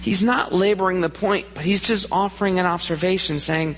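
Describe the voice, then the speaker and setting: A man's voice: sits high, fairly quick, hardly any pauses, a bit bright, in a large hall, low-quality recording. A man preaching a sermon in a church, earnest and asking the congregation questions. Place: church sanctuary.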